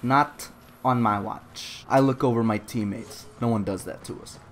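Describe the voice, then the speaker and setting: A young man giving lively, sarcastic commentary over his own gameplay, boasting in jest and swearing freely. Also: mid-range voice, moderate pace, slight background noise. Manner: mock-boastful, jokes about himself. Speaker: gaming video creator.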